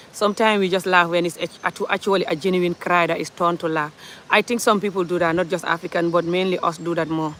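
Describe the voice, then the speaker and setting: Impassioned woman ranting, bright voice. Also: on the low side, slight background noise. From Gambia. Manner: passionate ranting with rhetorical questions. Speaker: commentary vlogger. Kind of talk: opinionated social commentary monologue.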